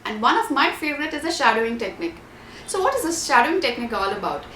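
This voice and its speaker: A woman's voice: sits high, very animated, fast talker, a bit bright, a little hiss or hum. Woman teaching in an echoey room. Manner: instructive, lists tips and repeats key points. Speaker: IELTS tutor. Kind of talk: scripted online lesson.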